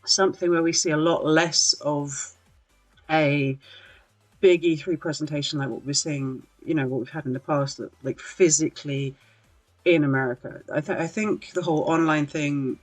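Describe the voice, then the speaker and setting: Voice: mid-range voice, steady tone, moderate pace. A podcast host chatting casually on a livestream, rambling with lots of fillers, apologizing and laughing at themselves. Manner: rambling, filler-heavy, self-deprecating laughs. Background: faint background music.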